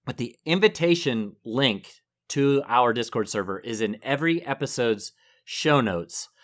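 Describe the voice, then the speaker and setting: A man's voice: medium pitch, lively intonation, unhurried, fairly bright tone. A man co-hosting a book podcast, from the northern United States, chatting casually and laughing often. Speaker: podcast co-host.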